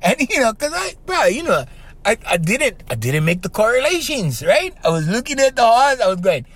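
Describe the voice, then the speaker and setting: A middle-aged man, hosting a podcast in a casual monologue. He tells stories in an animated way, keeps checking in with "right?", and has the strong voice of a trained singer. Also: sits high, a little fast, no room sound. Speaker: podcast host.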